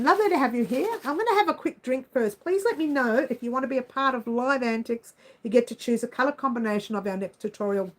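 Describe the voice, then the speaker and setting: A chatty woman hosting a casual livestream and talking to viewers by name. Her voice sits a little high, and she keeps a lively, animated flow of talk. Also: low-quality recording. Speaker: livestream host.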